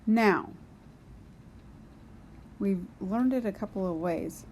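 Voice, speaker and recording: A woman walks through grammar at an unhurried, deliberate pace, thinking aloud as she writes on a board. Her voice sits at an ordinary middle pitch, and a faint hum of room noise lies under the recording. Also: darkish tone. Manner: slow, patient explaining, talking to herself while writing. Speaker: Spanish teacher.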